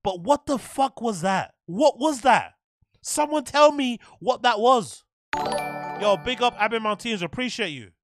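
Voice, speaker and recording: A man's voice: very high-pitched, expressive, a little slow, music in the background. A young man, hosting a podcast, giving exasperated and profane ranting commentary that keeps repeating its questions. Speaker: podcast host.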